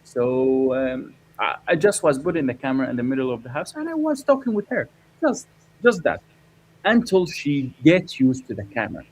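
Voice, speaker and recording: A man's voice: mid-range voice, very animated, low-quality recording. Man, documentary director, hesitant, lots of ums, faint noise behind. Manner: halting, many fillers and restarts. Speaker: documentary filmmaker. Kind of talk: interview answers.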